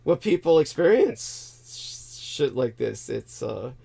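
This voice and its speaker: A man's voice: mid-range voice, very animated, creaky, dark tone, breathy edge. Rambling man hosting a livestream. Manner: rambling, halting with many fillers, bursts of laughter. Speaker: livestream host. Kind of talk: casual livestream chat.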